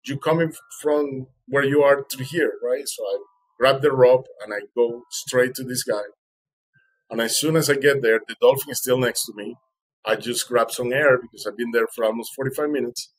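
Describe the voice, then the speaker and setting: Husky-voiced male guest, heartfelt storyteller, acts out the quotes. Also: medium pitch, steady tone, normal speed, poor audio. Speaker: interview guest. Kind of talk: emotional first-person storytelling.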